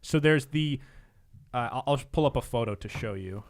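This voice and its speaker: A young man hosting a casual podcast, reading listener questions and teasing his co-host in a relaxed way. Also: mid-range voice, normal speed. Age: young adult. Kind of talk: casual chat.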